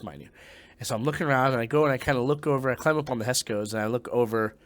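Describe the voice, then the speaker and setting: A young former Marine tells a ghost story casually and with profanity, sinking into hushed tones before breaking out in loud bursts. He has a medium-pitched voice, and the recording is dry.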